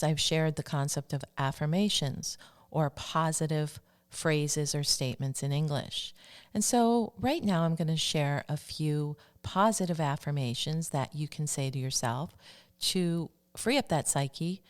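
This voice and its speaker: A woman hosting a spiritual self-help radio talk, speaking slowly and soothingly as she leads listeners through repeated affirmations. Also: low-pitched, a little mellow. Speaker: radio show host.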